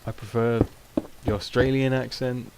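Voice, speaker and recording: A man's voice: medium pitch, flat delivery, normal speed. A young British man giving rambling, self-mocking casual gameplay commentary, with many ums. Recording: noisy home recording.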